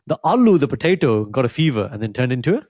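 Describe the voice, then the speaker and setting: A man's voice: medium pitch, big pitch swings, quick pace, a little mellow, no room sound. Playful man teaching words, dry close sound. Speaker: podcast co-host. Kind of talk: casual chat.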